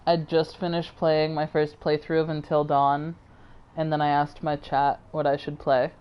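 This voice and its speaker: A woman's voice: low voice, level tone, moderate pace, smooth, highs cut off. A tired woman streamer chatting casually and rambling to her viewers while she plays a game. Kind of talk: casual live-stream chat.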